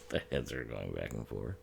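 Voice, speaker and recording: A man's voice: a bass voice, creaky, slight background noise. A man giving casual, profane, sarcastic commentary on a film, often laughing as he talks.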